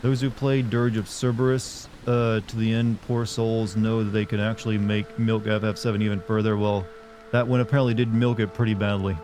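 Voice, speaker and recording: A young man streams a game and chats casually with his audience, speaking a little fast in a darkish voice on the low side. His delivery is flat and rambling, full of fillers, over faint background music.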